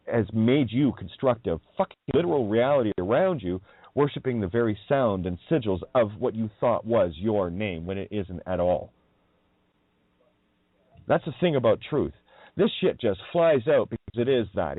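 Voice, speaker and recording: A man with a low voice hosts a rambling solo radio monologue, his pitch leaping up and down as he mocks and swears. He laughs often and plays on the sounds of words. The recording is dry and thin, like a tinny phone line. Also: dry recording. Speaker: radio show host. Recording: narrow, tinny phone-like audio.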